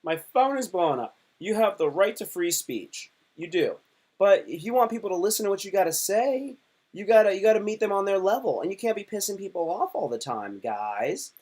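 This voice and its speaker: A man's voice: high-pitched, a little fast. A young adult man, a comedian, talking casually and animatedly on a livestream with lots of restarts. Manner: chatty, animated, rambling with restarts. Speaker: comedian and live streamer.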